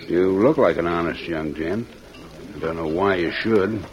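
A man plays a sly, scheming outlaw with a smooth, coaxing way of talking. His voice is very low. It comes through a dull, muffled old radio recording. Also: moderate pace, lightly acted. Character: scheming scarred male outlaw, sly and persuasive. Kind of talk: 1940s radio acting.

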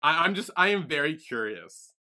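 A man's voice: a little high, big pitch swings, normal speed, bright, forceful tone. A man co-hosting a podcast, summarizing plot in an easygoing casual chat. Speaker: podcast co-host.

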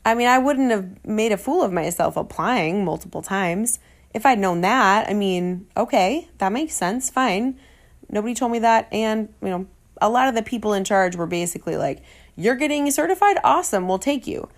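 A woman, a fitness trainer, telling a personal story in an animated way and acting out the dialogue she quotes. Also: moderate pace. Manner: animated, acts out quoted dialogue with sarcastic jumps in pitch.

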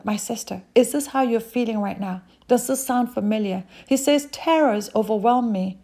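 Earnest woman preaching, mellow husky voice. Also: medium pitch. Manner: earnest, addresses listeners directly. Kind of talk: sermon reading scripture.

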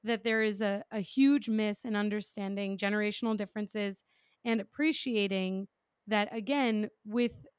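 Woman host thinking aloud, smooth voice. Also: mid-range voice, fairly even intonation, moderate pace, dry recording, clean studio sound. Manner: thinks aloud, rambling, self-aware. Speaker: podcast host. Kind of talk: casual interview chat.

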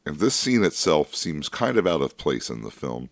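A man with a very low, deep voice trades laid-back, joking comments about a film on a podcast. He hedges a lot and stops to search for words. His voice is recorded close and dry. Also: very animated, normal speed, no room sound. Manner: laid-back, wry asides with many hedges and fillers. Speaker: podcast co-host. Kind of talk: casual film discussion podcast.

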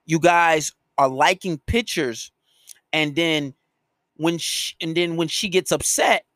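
High-pitched guy chewing out his podcast listeners, cussing nonstop, dry close sound. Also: slow pace, a bit bright, dry recording. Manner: profane, scolding and emphatic. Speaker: podcast host and dating coach. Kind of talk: solo podcast rant.

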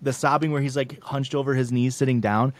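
A man's voice: mid-range voice, fairly even intonation, a little fast, no echo. A young man co-hosting a podcast, telling rambling, self-deprecating stories in casual chat and laughing often. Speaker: podcast co-host.

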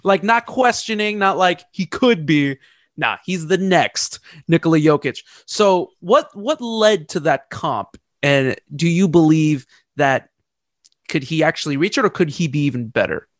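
A man hosting a casual sports podcast, excitable and repeating himself as he talks. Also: on the high side, a little slow, no room sound, studio quality. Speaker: podcast host.

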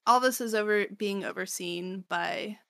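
Her voice is mid-range and sharp, unhurried, and recorded cleanly in a studio with no echo. As a podcast co-host, she chats casually through chapter recaps, full of fillers and bursts of laughter.

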